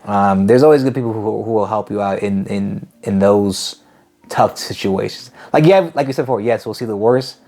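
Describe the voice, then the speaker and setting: A man with a fairly low voice who mostly backs up the others, then offers warm-hearted encouragement in plain, simple words. He sounds like a friendly co-host in a casual chat. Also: normal speed. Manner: supportive, encouraging, chimes in briefly. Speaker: podcast co-host. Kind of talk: casual religious discussion.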